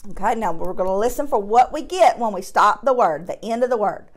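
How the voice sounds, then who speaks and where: A woman teaching a phonics lesson to young children, drawing out each sound slowly and patiently, with encouraging praise. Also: medium pitch, animated. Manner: slow, drawn-out sounding of word parts; encouraging, patient classroom delivery.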